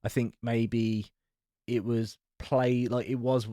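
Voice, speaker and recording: A chatty man at a middle pitch hedges as he talks through tracks, piling on fillers and qualifiers. His voice sits dry and close on the podcast mic. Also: little pitch movement, slow pace, mellow, no room sound. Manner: chatty, hedging with many likes and maybes. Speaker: podcast co-host. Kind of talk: casual album review chat.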